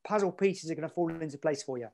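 Chatty higher-voiced English man. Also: fast talker, gravelly, a little mellow. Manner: rambling, chatty, many fillers. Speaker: podcast guest. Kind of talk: casual storytelling.

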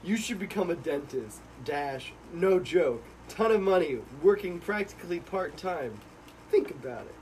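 A man's voice: sits high, expressive, measured pace, a little mellow, slight background noise, poor audio. A young man in casual, joking chat who laughs often. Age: young adult.

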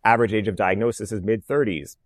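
Low-voiced man in his thirties telling his story. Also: fast talker, no room sound, clean studio sound. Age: 30s. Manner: animated, reenacts dialogue, frequent "like" fillers. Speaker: interview guest, cancer survivor. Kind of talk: conversational storytelling.

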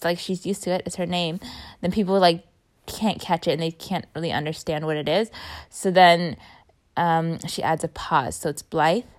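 A young woman chatting casually about a speaking workshop, full of fillers and trailing softly off at the ends. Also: fairly low pitch. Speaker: vlogger recapping a speaking workshop. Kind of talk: casual chat.

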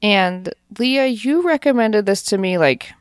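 A woman's voice: medium pitch, expressive, unhurried, clean tone, dry recording, clean studio sound. A woman co-hosting a casual podcast, chatting enthusiastically with lots of fillers. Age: adult parent. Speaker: podcast co-host. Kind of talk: casual chat.

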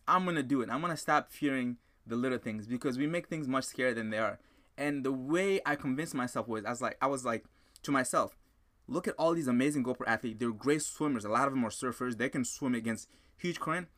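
Male podcast host, excitable motivational storyteller with a bright, tense edge to his voice. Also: medium pitch. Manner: animated, excitable, repeats himself, addresses listeners as guys.

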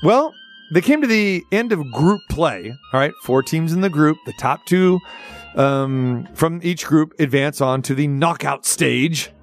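Male sports talk host, high voice, chatty and rambling, faint music bed. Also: animated, a little slow. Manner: chatty, rambling, restates points. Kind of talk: casual sports talk commentary.

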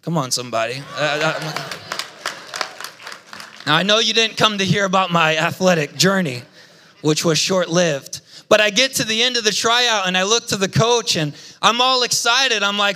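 A young adult man preaching a sermon as pastor, telling lively personal stories and calling out to the congregation. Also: high-pitched, moderate pace. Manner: lively storytelling with congregation call-outs. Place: church.

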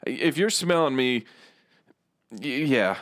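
A man co-hosting a casual podcast, easygoing and agreeable, telling a dating story in relaxed chat. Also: medium pitch, takes it slowly, no room sound, studio quality. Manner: laid-back, agreeable, lots of short backchannel replies. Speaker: podcast co-host.

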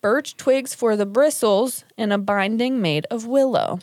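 A woman's voice: on the high side, unhurried, darkish tone, no room sound. A woman co-hosting a podcast, talking casually, laughing often and swearing freely, tired. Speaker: podcast co-host. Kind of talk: casual chat.

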